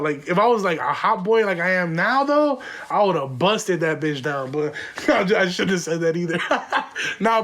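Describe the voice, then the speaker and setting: A man's voice: high-pitched, a bit bright. A young man hosting a podcast, telling a profane, rambling story in a casual way and laughing often. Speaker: podcast host.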